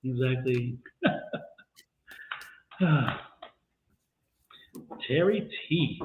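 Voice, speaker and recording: Man, co-host, slow laughing asides, tinny phone-like line, echoey room, faint hiss. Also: a little high. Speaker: co-host reading viewer comments. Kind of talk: casual live-stream chat.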